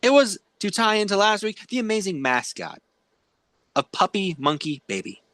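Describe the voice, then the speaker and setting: A man's voice: high-pitched, normal speed, dry recording. A man co-hosting a podcast, telling an anecdote with playful exaggeration in a casual chat. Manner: animated storytelling with playful exaggeration. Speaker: podcast co-host.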